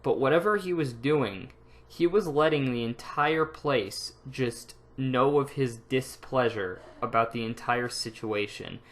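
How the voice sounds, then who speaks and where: A man's voice: medium pitch, a little slow, a bit bright. A young man casually telling stories from his life, rambling with lots of fillers and restarts and laughing at himself. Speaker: vlogger. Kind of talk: casual storytelling.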